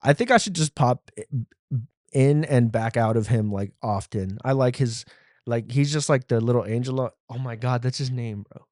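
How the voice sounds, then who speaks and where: A man's voice: mid-range voice, normal speed, a little mellow, dry recording. Rambling male podcast host, dry close sound. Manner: rambling, laughing, loose. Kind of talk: casual solo podcast talk. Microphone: phone.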